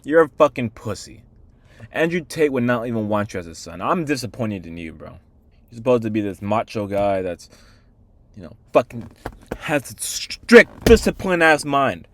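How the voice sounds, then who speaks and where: A man's voice: medium pitch, animated, moderate pace. A young man, a day trader, recording a frustrated video diary and scolding himself in the second person, swearing heavily. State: hungry. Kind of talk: self-talk video diary.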